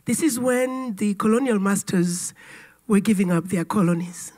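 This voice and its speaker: A woman giving a formal address to an audience, her voice raspy and hoarse from a cold, telling history in a measured, lightly humorous way. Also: medium pitch, mellow. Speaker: keynote speaker.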